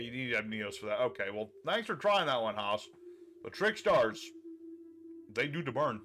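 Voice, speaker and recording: A male streamer talking through a card game in a loose, chatty way, thinking out loud and addressing his viewers as he plays. His voice sits at an ordinary middle pitch, with faint music running underneath. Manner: chatty, thinks aloud and talks to chat. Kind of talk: casual live-stream commentary while playing a card game.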